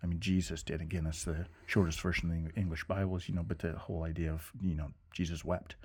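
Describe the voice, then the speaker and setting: Man, very low and husky, reflective podcast co-talker. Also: level tone, quick pace, a little mellow. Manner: reflective, supportive listener. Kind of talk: conversational podcast talk.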